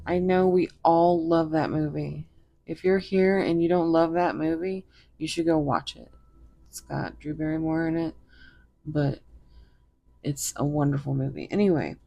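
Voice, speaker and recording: A tarot reader with a low, warm voice gives viewers a casual reading. She rambles and giggles while speaking to them directly.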